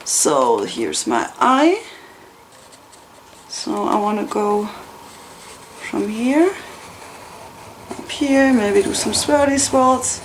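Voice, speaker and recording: A woman's voice: mid-range voice, big pitch swings, extremely slow, pauses often. Woman rambling through a craft tutorial at home, jokes at herself, far from the mic, echoey noisy room. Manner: rambling, self-mocking, chatty. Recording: roomy, distant, noisy home recording.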